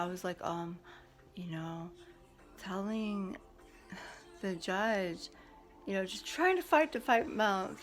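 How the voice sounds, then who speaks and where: Heated, rambling woman venting. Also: mid-range voice. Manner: rambling, heated, profane, quotes others in dialogue. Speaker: parent recounting a custody court hearing. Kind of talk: casual vlog rant.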